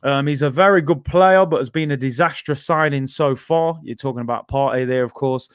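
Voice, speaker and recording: A man's voice: mid-range voice, brisk, clear, resonant tone, dry recording, clean studio sound. A man hosting a casual football talk stream, chatting loosely with many fillers and asides while reading viewer comments. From England. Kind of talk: casual live-stream chat.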